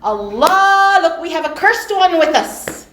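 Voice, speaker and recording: एक कठोर, तिरस्कार भरी बुज़ुर्ग चाची, जिसे एक महिला कहानी में निभाती है, ऊँची आवाज़ में हुक्म चलाती हुई। आवाज़ एक गूँजते हॉल में रिकॉर्ड हुई है, और हर शब्द में ताना झलकता है।. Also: female voice, extremely high pitch, sing-song, unhurried, a bit bright, slight background noise, exaggerated voice. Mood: scornful. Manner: scolding, bossy. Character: stern, scornful older woman, fully veiled auntie. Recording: echoey hall.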